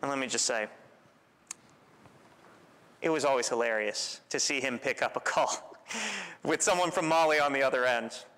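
A man preaching a sermon in a relaxed, storytelling way, with self-deprecating humor. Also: medium pitch, normal speed, long pauses. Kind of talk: conversational sermon. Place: church sanctuary. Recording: long church reverb.

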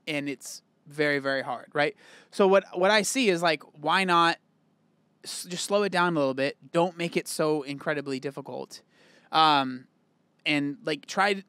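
A man's voice: fairly high pitch, sharp tone, no echo. A man casually reacting to a video, candid and chatty, thinking aloud as he comments. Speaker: reaction host.

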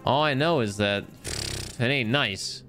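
A young man chatting casually while streaming a game, telling stories with big rises in his voice when excited. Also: measured pace, over music. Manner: animated storytelling, swings high when excited. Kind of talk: casual gameplay commentary.

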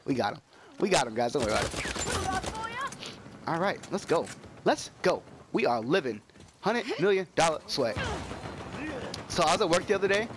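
A young man with a cold giving excitable, chatty commentary while playing a shooter game. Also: a little high, normal speed, long pauses, slight background noise. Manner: excitable, yelps and trails into chatty stories. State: sick with a cold, coughing. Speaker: gaming YouTuber. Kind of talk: casual gameplay commentary. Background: game gunfire.

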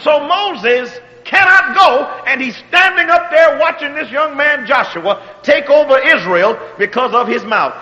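A man preaching a sermon, checking in with his congregation and moving between quiet, drawn-out phrases and shouted exhortations. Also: extremely high pitch, animated, in a large hall, muffled recording. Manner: call-and-response preaching, asks if the congregation is still with him.

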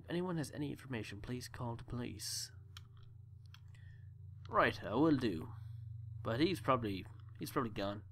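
A man's voice: mid-range voice, expressive, normal speed, pauses often, a bit bright, a little hiss or hum. A man giving joking, rambling commentary while playing a horror game, talking to himself. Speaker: let's play gamer. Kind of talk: gameplay commentary.

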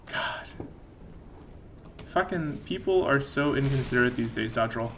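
A man's voice: mid-range voice, expressive, a little slow, fairly bright tone, a little hiss or hum. A young man giving rambling, sarcastic, profane commentary while playing a video game. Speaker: let's play gamer. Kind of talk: casual gameplay commentary.

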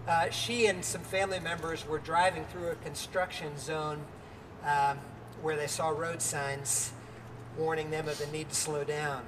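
High-voiced older male preacher outdoors. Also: big-room sound, recorded from a distance, noisy background. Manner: earnest, with fillers and restarts. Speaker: pastor. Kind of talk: sermon.

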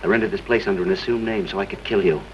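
An actor giving voice to a vengeful, unhinged killer confessing in a slow, measured, low voice. The sound is a dull, hissy 1930s film soundtrack. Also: male voice, lightly acted. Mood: cold. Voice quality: calm and measured, breaking into mocking laughter. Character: vengeful man unmasked as the killer, coldly unhinged. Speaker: villain.

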